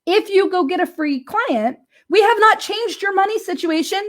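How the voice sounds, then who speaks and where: A woman business coach telling a client story in a casual motivational talk, animated and laughing often, checking in with "right?". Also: extremely high pitch, normal speed.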